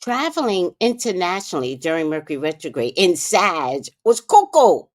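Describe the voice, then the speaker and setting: A woman with a low voice tells stories on a livestream, and her pitch leaps and dips all the way through. She drops to hushed asides and then bursts out loud, and she swears freely. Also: moderate pace, no echo, studio quality. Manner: animated, swings from hushed asides to loud outbursts, profane. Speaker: livestream host. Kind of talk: casual storytelling chat.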